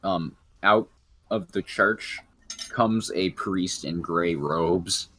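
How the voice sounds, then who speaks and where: Young male game master, deep voice, slow halting narration, tabletop game. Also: pushed and bright. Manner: halting, many fillers.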